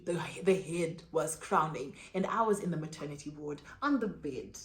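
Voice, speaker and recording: A young woman vlogger telling a personal story in a lively, dramatic way with casual slang. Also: deep voice, fairly quick, hardly any pauses. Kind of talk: storytime vlog.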